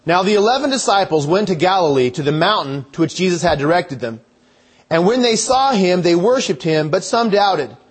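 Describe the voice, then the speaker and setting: A man's voice: high voice, animated, moderate pace, slightly rough. A man preaching a sermon in a conversational way, thinking aloud and restarting his phrases.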